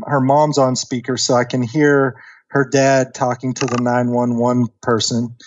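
A man in his thirties casually telling a long story on a podcast, animated and acting out the voices of the people in it. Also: medium pitch, muffled recording, a little hiss or hum. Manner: animated storyteller, acts out quoted voices, many fillers. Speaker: podcast guest.

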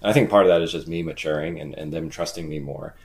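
Deep-voiced teenage guy, thoughtful and halting. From Raleigh, North Carolina. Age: teens. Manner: thoughtful, searches for words, restarts. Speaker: podcast co-host. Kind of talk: casual chat.

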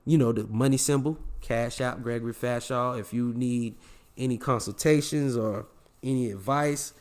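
A man's voice: medium pitch, normal speed, a little mellow. A man in his forties hosting a podcast, giving emphatic, preachy life advice in casual slang and repeating lines for effect. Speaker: podcast host. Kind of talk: motivational casual podcast talk.

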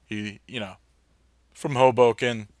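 A man's voice: medium pitch, steady tone, a little slow, no room sound, studio quality. A man from New Jersey hosting his podcast in rambling, casual chat full of fillers. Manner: rambling, chatty, lots of fillers and restarts. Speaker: podcast host.

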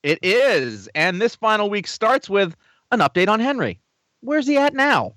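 A man's voice: high-pitched, very animated, a little slow, bright, forceful tone, no echo, studio quality. A man hosting a podcast, introducing the show and his co-hosts in a joking, casual way. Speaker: podcast host.

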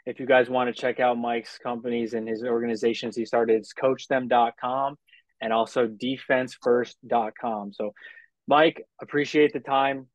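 A man hosting a casual podcast interview, speaking haltingly with many restarts. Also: mid-range voice, flat delivery, no echo. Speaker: podcast host. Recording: dull dry lo-fi recording.

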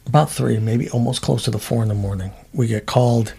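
A middle-aged man, a former trooper, telling stories in a casual chat, animated and swearing, acting out what people said. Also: mid-range voice, fairly quick, vocal fry, hardly any pauses, husky. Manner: animated storyteller, swears, acts out quotes.

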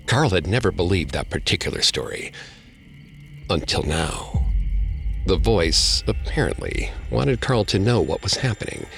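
A man reading a scripted horror story as narrator, dropping to a hush at tense moments. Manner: low, gravelly storytelling voice with dramatic hushed drops.

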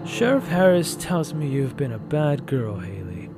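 A man voicing a male demon posing as a human, speaking slowly and coldly in an audio story. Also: medium pitch, big pitch swings, music in the background. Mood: taunting.

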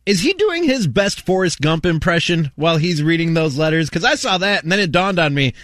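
A man muses about the film in a playful, offhand way. His voice is a little high and moves around a lot in pitch. It is recorded dry and close. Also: big pitch swings, fairly quick, a bit bright, dry recording. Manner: musing, playful. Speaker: podcast co-host. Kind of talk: movie podcast chat.

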